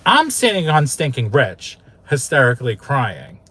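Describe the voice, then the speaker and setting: A man's voice: mid-range voice, huge pitch swings, unhurried, bright, forceful tone, slightly rough. Man, channel host; loose vlog storytelling, candid and emotional, swears freely.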